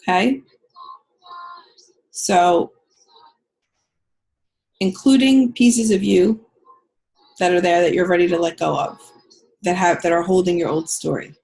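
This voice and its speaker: A woman with a lowish, darkish voice speaks slowly with vocal fry and frequent pauses, on a rough recording. She leads a spiritual healing group, reading members' comments aloud, affirming them with repeated phrases, and then guiding a meditation.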